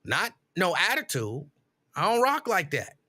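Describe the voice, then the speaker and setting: A man's voice: sits high, measured pace. A middle-aged man hosting a casual live stream, telling stories with mock outrage and reading viewer comments aloud. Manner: animated, exasperated storytelling with mock outrage.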